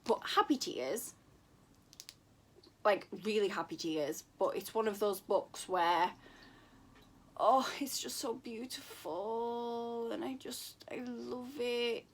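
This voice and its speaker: Woman book vlogger at home, unhurried and effusive, middle-pitched voice. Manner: gushing, repeats words for emphasis. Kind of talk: casual book recommendation vlog.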